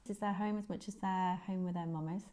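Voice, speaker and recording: A woman's voice: fairly low pitch, steady tone, fast, warm tone. Chatty Northern English woman in her forties. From Manchester, England. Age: 40s. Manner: chatty and self-deprecating, with many ums. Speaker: guest. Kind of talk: casual chat.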